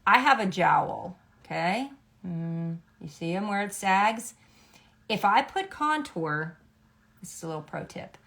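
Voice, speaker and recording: A woman's voice: fairly low pitch, a little slow, creaky, a bit bright. A middle-aged woman, a makeup artist, explaining a makeup routine step by step in a chatty, instructive way, often checking in with "okay?". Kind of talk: makeup tutorial.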